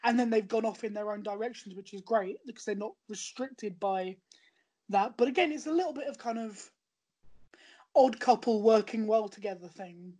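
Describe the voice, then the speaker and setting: A woman's voice: fairly high pitch, moderate pace, mellow. A woman chatting in a rambling way about a show she recommends, often restarting her sentences. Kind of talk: casual podcast chat.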